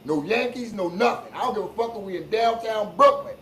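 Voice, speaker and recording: A man from hosting a live-streamed sports talk show, ranting bluntly and with plenty of profanity, dropping low for asides and rising into shouts. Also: a little fast, slight background noise, poor audio. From Philadelphia.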